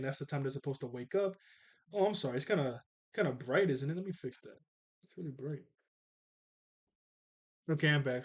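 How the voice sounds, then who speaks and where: A man casually recapping a cartoon episode at home, slangy and chatty, laughing often and correcting himself as he goes. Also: on the high side.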